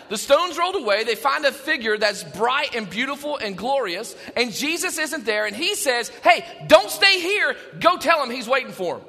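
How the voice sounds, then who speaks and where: High, bright-voiced animated pastor. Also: male voice, in a large hall. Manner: animated, shifts between hushed and shouting. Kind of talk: Easter sermon. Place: church sanctuary.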